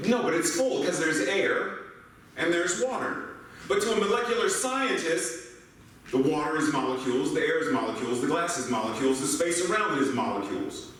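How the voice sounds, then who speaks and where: A man's voice: a little high, slight background noise. An older American man giving a sermon as a minister, telling playful stories and asking the congregation questions. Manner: animated, playful storytelling with rhetorical questions. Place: church sanctuary. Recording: echoey hall mic from far off.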